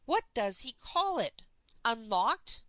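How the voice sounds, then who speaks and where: An impatient young man who presses eagerly and turns to scorn, read by a woman in an audiobook. The voice sits fairly high and swings widely in pitch. It comes across dry and close, with nothing around it. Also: sing-song, takes it slowly, bright, forceful tone, no room sound, exaggerated voice. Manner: urgent, scornful. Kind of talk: audiobook character reading.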